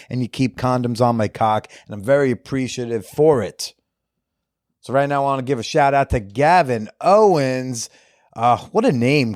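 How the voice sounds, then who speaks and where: Man, podcast host, jokey ad reads, mid-pitched, dry close mic. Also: darkish tone, no room sound. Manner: jokey, off-the-cuff, crude humor. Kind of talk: casual ad reads and shout-outs.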